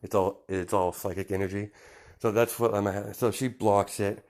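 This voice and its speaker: A man's voice: fairly low pitch, fairly even intonation, normal speed, darkish tone. A man telling an improvised story in a casual, rambling way, full of fillers and restarts. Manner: rambling, many fillers and restarts, laughs at himself.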